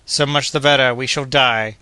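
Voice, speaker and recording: A man narrating an audiobook voices a desperate Scottish hunter, crying out hoarsely and frantically. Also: mid-range voice, steady tone, moderate pace, pushed and bright, no echo, lightly acted. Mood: bitter.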